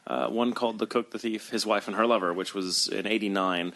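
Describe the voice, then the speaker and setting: Low-voiced man musing in casual chat. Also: fairly even intonation, brisk, gravelly, fairly bright tone. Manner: thoughtful, many restarts and fillers. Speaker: podcast co-host.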